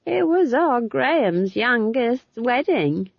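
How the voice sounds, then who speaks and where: A woman's voice: fairly high pitch, very animated, slow pace, creaky, slightly rough, no echo, pitched above the performer's own voice, heavily acted. A woman voicing an earthy older witch who talks in a homely, colloquial, innocent-sounding way. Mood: chatty. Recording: dull lo-fi dry recording.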